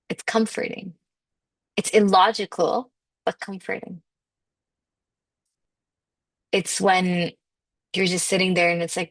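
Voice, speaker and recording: A woman's voice: lowish voice, fairly even intonation, measured pace. Emphatic woman giving a spiritual pep talk. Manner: emphatic, conversational, peppered with "like". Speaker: manifestation coach.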